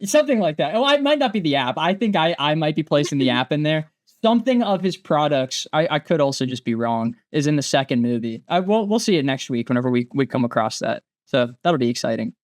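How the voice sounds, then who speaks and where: A man's voice: fairly high pitch, brisk, no room sound, clean studio sound. Giggly young man in podcast chat. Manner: laughs often, animated and rambling. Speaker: podcast co-host. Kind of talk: casual movie review chat.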